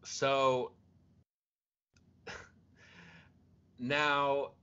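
A man's voice: medium pitch, flat delivery, extremely slow, sharp tone, clean tone. A man co-hosting a podcast, casually retelling strange stories with laughs and restarts. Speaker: podcast co-host. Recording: dull lo-fi sound.

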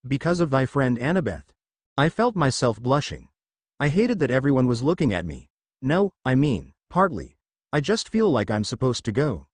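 A male narrator reads an adventure fan fiction aloud. His pitch rises and falls freely as he tells it. The sound is close and dry, with no room echo. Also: huge pitch swings, moderate pace, slightly rough.

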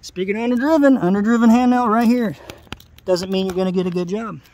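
Roofer guy, fairly high voice, sarcastic and chatty, walking a roof outdoors for his vlog. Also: fast, mellow. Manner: sarcastic, chatty, talks to viewers. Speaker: roofing contractor. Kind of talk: on-site roof inspection vlog.

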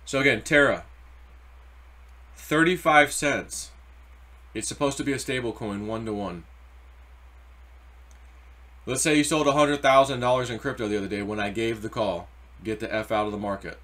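Bright-voiced rambling middle-aged man. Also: mid-range voice, normal speed, long pauses. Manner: rambling, anecdotal, spiritual asides. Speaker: crypto YouTuber. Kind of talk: casual market commentary.

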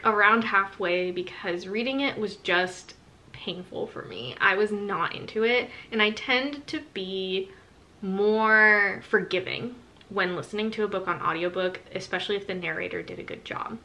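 Bright-voiced chatty woman reviewer. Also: medium pitch. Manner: candid and chatty, often laughing. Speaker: book reviewer. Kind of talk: casual spoken book review.

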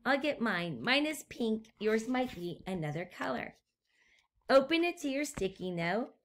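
A woman teacher reading a storybook aloud to young children and asking them gentle questions. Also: fairly low pitch. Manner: gentle, slow, questions to the listener.

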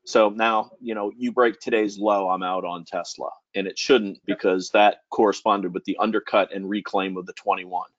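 Deep-voiced, calm man, dry lo-fi sound. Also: moderate pace, few pauses, no room sound. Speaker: podcast co-host. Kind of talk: casual trading podcast chat.

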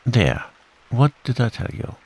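A man's voice: mid-range voice, sing-song, a little slow, gravelly, darkish tone, breathy edge, pitched above the performer's own voice, full character voice, rough recording. A man reading a storybook aloud and voicing a cheerful, firm motherly kangaroo who speaks soothingly, with rain falling behind him.

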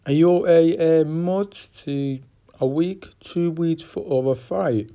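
A man talks through an upcoming fight in a loose, rambling way, stopping often on fillers and dropping swear words. He speaks at an unhurried, drawn-out pace. His voice sounds mellow and dark. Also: a little high. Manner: rambling, profane, halting with many fillers. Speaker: boxing fan giving fight predictions. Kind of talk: casual rambling fight preview.

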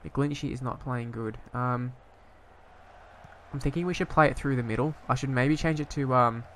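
A man's voice: mid-range voice, moderate pace, slight background noise. Rambling young man commentating a game. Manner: rambling, hesitant, bursts into swearing frustration. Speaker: gaming YouTuber.

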